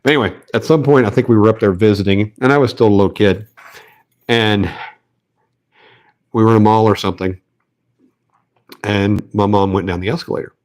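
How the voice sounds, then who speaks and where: A man's voice: on the low side, a little fast, pauses often, darkish tone. A man hosting a fishing channel, chatting casually while tying rigs, rambling with lots of fillers and restarts. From American South. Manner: rambling, self-deprecating, many fillers and restarts.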